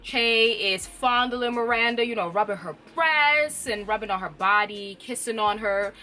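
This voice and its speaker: A woman's voice: fairly high pitch, normal speed, bright, forceful tone. A woman reviewer casually recapping a TV episode, chatty and often laughing. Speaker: TV show reviewer.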